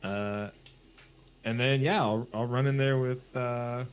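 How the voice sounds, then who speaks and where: Man, tabletop player, casual, stumbling repeats, mid-pitched voice. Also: steady tone, slow. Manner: stumbling, repeats words while describing his actions. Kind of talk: casual tabletop game chat.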